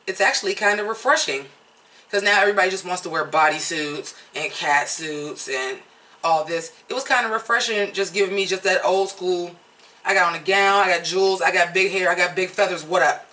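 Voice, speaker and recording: Casual American commentator, blunt and swearing, bright tone, slightly off-mic. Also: medium pitch, a little fast, far from the mic, low-quality recording. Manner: candid, chatty, blunt, swears freely. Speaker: vlogger reviewing a reality show.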